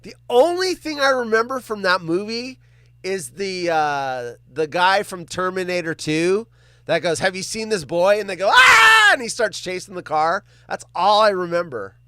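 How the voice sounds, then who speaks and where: A man hosting a casual livestream, reading viewer comments out loud, joking around and swearing freely. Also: high-pitched, lively intonation, normal speed, smooth, dry recording. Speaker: livestream host.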